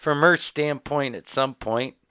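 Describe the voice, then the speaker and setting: A middle-aged man talking in crude, casual podcast banter, blunt and profane as he hands out fatherly advice. His voice is smooth, and he shifts from mumbled asides to sudden loud outbursts. The sound is dry and tinny, like a phone line. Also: mid-range voice, measured pace, no room sound. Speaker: podcast co-host.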